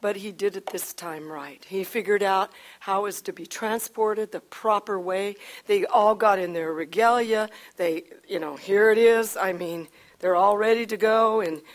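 A woman preacher telling a Bible story in a chatty, animated way with frequent laughs and asides. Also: mid-range voice. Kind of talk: sermon storytelling.

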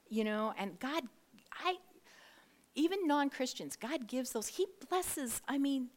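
A middle-aged woman giving a candid, emotional personal testimony, telling her story with animated asides and quoted dialogue. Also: on the low side. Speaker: guest speaker sharing her testimony.

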